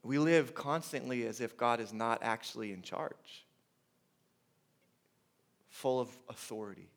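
A man in his thirties preaching a sermon, swinging from hushed, intimate lines to loud, urgent ones. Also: mid-range voice, a little slow, creaky. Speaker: pastor.

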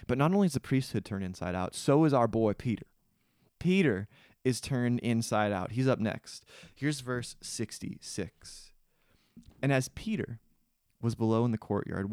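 A man's voice: a little mellow, clean studio sound. Preacher guy giving a sermon, voice rises and falls a lot, gets emphatic, no room echo. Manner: earnest, builds to emphatic peaks; reads scripture aloud in a lowered voice. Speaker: pastor.

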